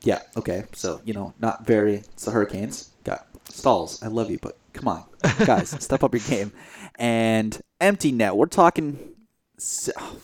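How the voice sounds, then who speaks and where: A young man in a casual hockey chat, excitable and animated, laughing often and speaking with many fillers. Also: on the low side, unhurried, slight background noise. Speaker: podcast co-host.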